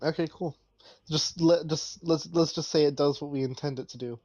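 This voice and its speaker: A man playing in a tabletop game, eager and quick to laugh. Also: a little high, steady tone, a little mellow, no echo, highs cut off. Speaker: player. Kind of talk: casual tabletop play.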